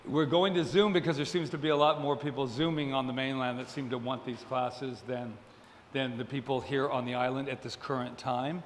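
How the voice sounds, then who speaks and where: A man's voice: mid-range voice, steady tone, a little fast, a little hiss or hum. A man who leads a spiritual center, making casual church announcements with a joking, self-deprecating manner. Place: church hall. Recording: echoey hall, faint ambience.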